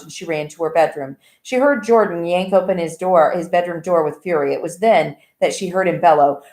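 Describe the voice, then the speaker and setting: A woman reading a novel aloud in an even, plain way with small slips. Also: lowish voice. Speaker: audiobook reader. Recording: echoey room.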